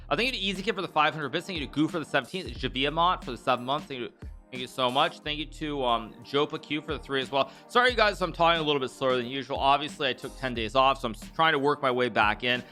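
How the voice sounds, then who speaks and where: Bright-voiced man streaming chess analysis. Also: medium pitch. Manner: thinks aloud with frequent restarts and fillers, reads out donor thanks quickly. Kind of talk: casual live-stream game commentary.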